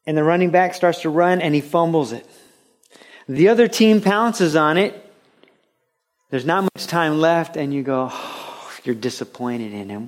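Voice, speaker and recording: A man with a somewhat high voice delivers a radio sermon in an earnest, conversational way. He restarts phrases as he talks. He drops to a near hush and then rises into lively storytelling. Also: a little slow. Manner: swings between a quiet, intimate tone and lively, raised storytelling. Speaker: pastor.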